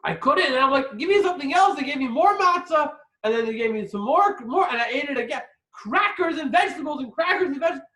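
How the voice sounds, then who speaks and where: A man's voice: sits high, very animated, fast, a bit bright, reverberant, far from the mic, exaggerated voice, rough recording. A man voicing a starving, frantic grown man who rants with rising exasperation at a long dinner.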